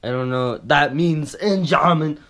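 Speaking at a measured pace, this vlogger has a voice on the high side with a fairly bright tone. His casual talk to viewers is goofy and wandering, and he often interrupts himself.

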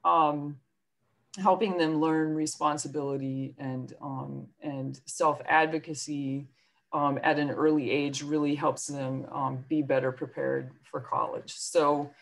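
A woman's voice: deep voice, steady tone, unhurried, vocal fry. A woman school counselor with a New York accent, giving a chatty presentation to parents on a video call with many fillers and self-deprecating asides.

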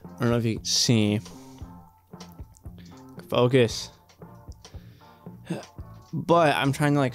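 Young guy rambling thru a reaction vid intro, sarcastic, swears a lot, faint music behind. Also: mid-range voice. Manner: rambling, joking, sarcastic asides; swears casually. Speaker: reaction video host. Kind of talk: casual reaction commentary.

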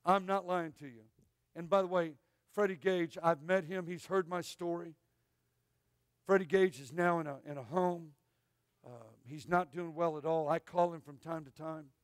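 A man preaching a revival sermon as an evangelist, telling a story with animated swings from shouts to hushed asides. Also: a little high, normal speed, clean tone, no echo, clean studio sound.

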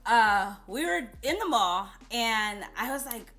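A woman's voice: a little high, expressive, takes it slowly, sharp tone, faint music behind. A woman vlogger telling chatty, playful stories straight to her viewers. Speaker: beauty vlogger. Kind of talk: casual storytelling vlog.

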